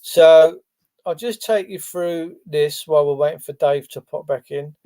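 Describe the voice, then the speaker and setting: Male stream host: a touch high, mellow and soft-edged, loose and chatty. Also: unhurried. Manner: rambling, chatty, lots of fillers. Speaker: livestream host. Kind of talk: casual live-stream chat.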